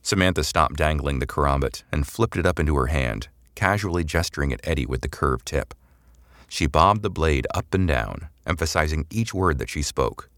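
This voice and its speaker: A man narrating a sci-fi audiobook in a measured, descriptive way. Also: very deep voice, animated, fairly bright tone, no room sound, studio quality.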